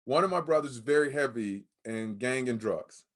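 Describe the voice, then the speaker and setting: A man's voice: medium pitch, lively intonation, normal speed. A man speaking as a guest, telling a candid, emotional personal story in conversation and acting out what people said. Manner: candid, emotional, acts out quoted dialogue.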